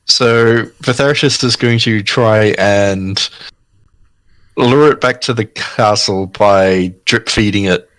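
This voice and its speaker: A player in a tabletop game, calmly describing a character's actions. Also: mid-range voice, takes it slowly, rough recording.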